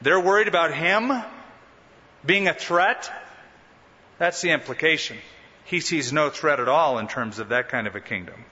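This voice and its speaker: A man's voice: fairly high pitch, moderate pace, pauses often, sharp tone. A pastor preaching an expository sermon with emphatic, dramatic rises and drops in his voice. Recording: dull sound in a large reverberant hall.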